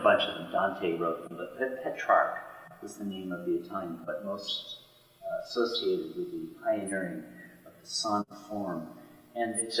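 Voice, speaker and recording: A man with a lowish, bright voice leads a small study group through poetry, unhurried and full of fillers. He is picked up by a boom mic some distance away, so the sound is roomy with a long reverb. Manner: unhurried, explains and reads verse aloud with many fillers. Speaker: study session leader.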